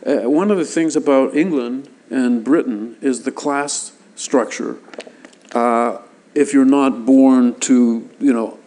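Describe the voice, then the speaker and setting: A man from Canada answering interview questions in a relaxed, thoughtful way, often stopping and restarting his sentences. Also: medium pitch, slow pace. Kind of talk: casual interview chat.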